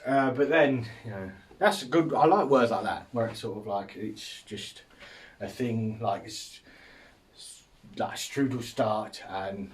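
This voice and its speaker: A man's voice: on the low side, far from the mic, a little hiss or hum. Rambling, self-amused man. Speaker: podcast host. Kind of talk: casual comedic monologue.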